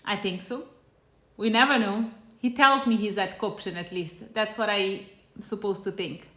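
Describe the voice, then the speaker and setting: A woman's voice: mid-range voice, fairly even intonation, normal speed, bright, forceful tone, roomy sound. A woman with a Brazilian accent hosting a live cooking stream, chatting casually and greeting viewers by name. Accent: Brazilian Portuguese. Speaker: cooking show host.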